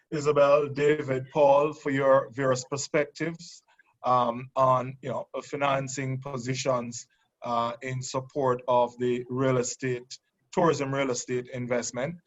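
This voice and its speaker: A man's voice: mid-range voice, fairly bright tone. A man hosting a webinar segment over a video call, speaking hesitantly with many fillers and restarts. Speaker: segment host. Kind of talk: webinar moderation. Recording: muffled video call audio.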